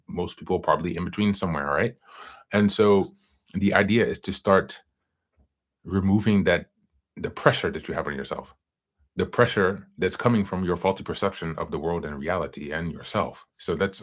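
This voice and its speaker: A man hosting a self-help podcast, talking casually with many fillers and asides, then reading from a book. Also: sits low. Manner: rambling, frequent fillers and "you know". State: hiccuping. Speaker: podcast host.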